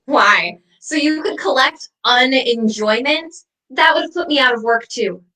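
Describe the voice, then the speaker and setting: A woman acting as a vengeful ghost who haunts her ex, taunting them with sharp, mocking wordplay in a comedy sketch. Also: high voice, lively intonation, a little slow, far from the mic, full character voice, poor audio.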